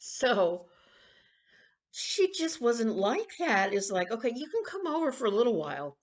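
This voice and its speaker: A woman in her sixties rambling and confiding in a casual personal vlog, with coughs and throat-clearing. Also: a little high, very animated, takes it slowly, pauses often. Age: 60s. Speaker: vlogger.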